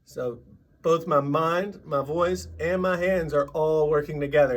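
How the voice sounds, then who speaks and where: Slow, patient man teaching drums. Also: a little high, noisy background. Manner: patient, counts sixteenth notes out loud with accents. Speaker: drum teacher. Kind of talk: music lesson, counting rhythms aloud.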